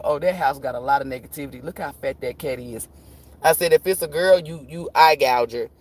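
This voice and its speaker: A man's voice: medium pitch, a little mellow, no room sound. A man hosting a tarot livestream, chatting casually and telling profane stories. He laughs often and acts out the voices of the people he quotes.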